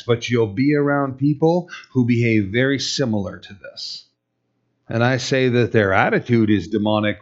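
A man's voice: medium pitch, lo-fi sound. A male pastor giving a conversational, emphatic sermon with rhetorical questions to the congregation.

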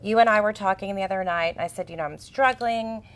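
A woman in her forties co-hosting a relaxed talk show. She tells stories in an expressive, chatty way. Her voice sits at a middle pitch. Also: fast talker. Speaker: co-host. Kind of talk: casual chat.

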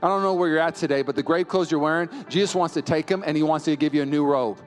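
A male pastor delivering a sermon in a church, moving from quiet storytelling to loud, impassioned preaching. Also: on the high side, fast talker, faint music behind.

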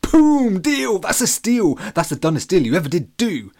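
A man voicing a mischievous eight-year-old boy, high and loud with excitement. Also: quick pace. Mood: thrilled.

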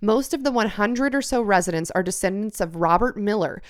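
A woman with a smooth, clear voice at a middle pitch hosts a true-crime podcast. She reads researched passages aloud and breaks off for casual asides. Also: expressive, a little fast. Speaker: podcast host. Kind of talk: casual true-crime chat, reading notes.

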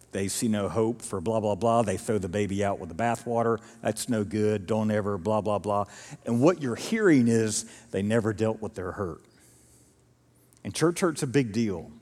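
A male pastor preaching a sermon, telling the story with animated delivery and acting out quotes. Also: on the low side. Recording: reverberant church hall.

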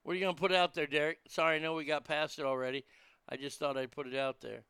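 A man's voice: fairly high pitch, little pitch movement, fast talker, sharp tone, clean tone, no room sound, clean studio sound. A man riffing crude, mocking jokes in a casual comedic monologue, chuckling at his own lines.

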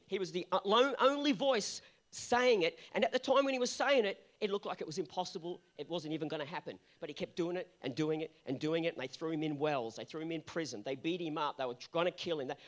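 A man's voice: fairly high pitch, expressive, a little fast. A male pastor delivering an earnest sermon that builds to emphatic peaks.

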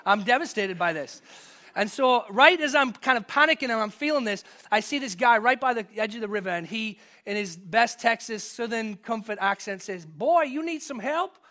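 At a normal speed, a pastor from outside the US preaches with a high, ringing, bright voice. His sermon moves between scripture and relaxed storytelling from his own life, rising to emphatic highs on the main points.

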